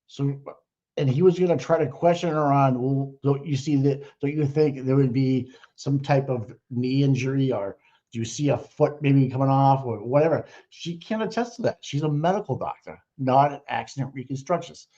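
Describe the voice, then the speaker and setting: A man talks over courtroom footage in a loose, scornful rant full of swearing. His voice sits at an ordinary pitch, and the audio comes through slightly muffled and lo-fi. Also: moderate pace, warm tone. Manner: mocking, profane ranting. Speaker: livestream host. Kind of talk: live commentary over trial footage.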